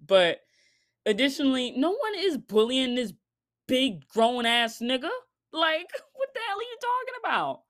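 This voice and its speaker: A woman ranting casually to camera in a blunt, profane vlog commentary. She laughs between points and swings from loud outbursts to low mutters. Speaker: commentary vlogger. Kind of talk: casual opinion rant to camera.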